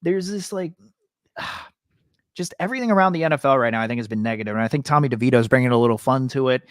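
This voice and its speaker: A man's voice: medium pitch, fast talker, no echo, clean studio sound. A man co-hosting a sports podcast, ranting in casual chat with lots of fillers. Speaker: podcast co-host.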